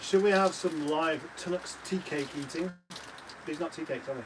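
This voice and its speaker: British man, teasing, livestream banter, slightly high voice, caravan noise behind. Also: moderate pace. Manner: teasing, playful. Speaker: livestream co-host. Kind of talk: casual banter. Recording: noisy caravan livestream audio.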